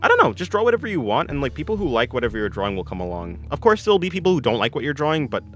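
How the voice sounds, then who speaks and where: A man's voice: medium pitch, sing-song, very fast, a bit bright. A young man chatting on his art stream, answering viewers in a rambling, self-correcting way and laughing often.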